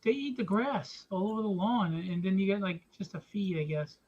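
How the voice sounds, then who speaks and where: A man's voice: high-pitched, fairly quick, darkish tone. A man hosting a live stream from home in a casual, joking, teasing way. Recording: dull lo-fi stream audio with faint noise.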